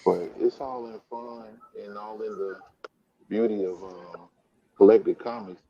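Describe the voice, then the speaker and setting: A man with a very low voice chats in a relaxed, meandering way, dropping "man" into nearly every sentence. He is hosting a live stream from a comic book store. His phone picks him up with a dull, lo-fi sound. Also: measured pace. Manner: laid-back, rambling, says "man" often. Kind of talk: casual chat.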